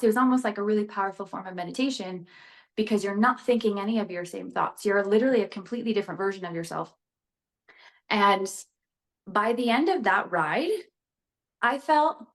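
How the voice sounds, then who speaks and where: A woman, an actress, talking as a podcast guest in a casual, animated way, dropping lots of "like" and laughing between thoughts. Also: mid-range voice. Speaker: guest, actress and motivational speaker.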